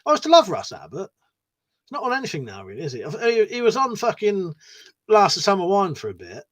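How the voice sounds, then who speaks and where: A man's voice: high-pitched, huge pitch swings, fairly quick. A man hosting a casual livestream, reading viewer messages aloud and chatting back in a matey way, swearing freely. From United Kingdom. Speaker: livestream host.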